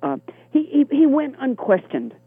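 A middle-aged woman with a low, gravelly, rough-edged voice, talking over a thin, tinny phone line. She rambles wryly through her stories with self-deprecating asides, and her voice carries a lingering chronic cough. The line sounds dry and boxed in. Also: wildly swooping pitch, moderate pace, no room sound. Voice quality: deep gravelly voice. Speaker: comedian guest. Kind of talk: phone interview chat.

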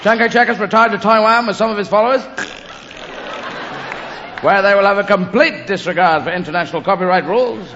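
A man's voice: sits high, fairly quick, pauses often, background noise. A man voicing an earnest male dolphin that reads out news bulletins in a formal announcer manner, recorded live with an audience. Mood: announcing. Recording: live stand-up in echoey hall, lo-fi, crowd.

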